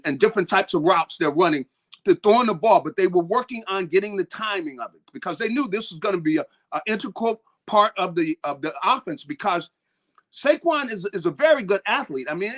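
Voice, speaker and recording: A man gives football analysis as a talk-show guest. He rambles, stumbling over repeated words and starting sentences over, and his voice sits on the high side. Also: fairly bright tone. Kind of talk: sports talk interview.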